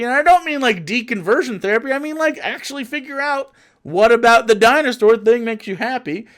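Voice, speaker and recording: A man's voice: very high voice, animated, fairly quick, fairly bright tone, clean tone. A man giving casual, sarcastic and profane reaction commentary on a political video.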